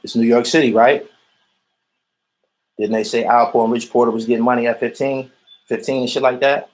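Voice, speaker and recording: A man's voice: medium pitch, little pitch movement, fairly quick, rough recording. A man from Erie, ranting bluntly and profanely in a livestream while reacting to viewer comments. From Erie, Pennsylvania. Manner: blunt, repetitive, profane street talk. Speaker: vlogger reading viewer comments.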